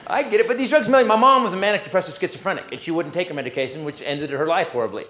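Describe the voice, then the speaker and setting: High-voiced male stand-up, crude crowd work, on a roomy live club mic. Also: very fast, noisy background. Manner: loose, crude, conversational with crowd. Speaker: stand-up comedian. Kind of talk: stand-up comedy set. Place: comedy club stage. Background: audience laughter.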